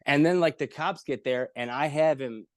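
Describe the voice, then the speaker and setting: A man's voice: a little high, moderate pace, dry recording, clean studio sound. A man, a comedian guest on a podcast, telling a long story in casual chat, rambling and profane with lots of filler words.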